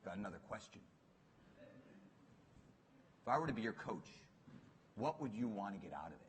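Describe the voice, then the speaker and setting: A man imitating a blunt, gruff older male coach within a story he tells on stage, growling curt questions. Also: lowish voice, big pitch swings, normal speed, a little hiss or hum, pitched below the performer's own voice. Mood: probing. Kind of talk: impression within a told story.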